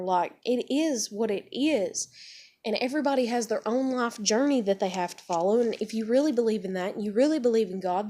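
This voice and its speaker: This vlogger, a woman in her thirties, rants furiously to the camera about her opinions, full of swearing and the filler word "like." She speaks in a slightly high voice with a dark tone.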